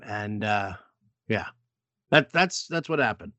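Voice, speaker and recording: A man's voice: on the low side, animated, slow, pauses often, pushed and bright, no echo, lo-fi sound. A man co-hosting a casual sports talk show, swearing and exasperated, often restarting his sentences. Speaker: sports podcast co-host.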